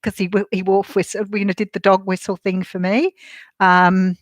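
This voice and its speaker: A woman's voice: medium pitch, level tone, normal speed, no room sound. A middle-aged Australian woman, chatting candidly with viewers on a livestream, laughing easily with many ums. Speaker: tarot channel host. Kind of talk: casual livestream chat answering viewers.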